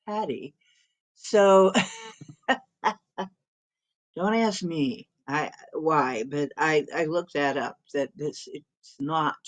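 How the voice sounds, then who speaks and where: Middle-aged lady rambling on her livestream, slow and easygoing, lots of little chuckles. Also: sits low. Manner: rambling, chuckles often, talks to her cat. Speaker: live-stream host. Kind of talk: casual chat reading live comments.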